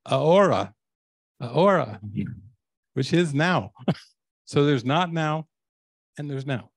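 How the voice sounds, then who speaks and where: A man's voice: medium pitch, no echo. An older man, a spiritual teacher, telling stories to a live audience and laughing often. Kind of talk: storytelling talk to a live audience.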